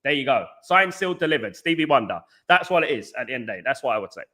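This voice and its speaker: A man's voice: mid-range voice, very animated, rapid-fire, pushed and bright. A man hosting a football fan live stream, answering chat and ranting with strong opinions, often repeating himself. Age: adult. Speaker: football fan channel host.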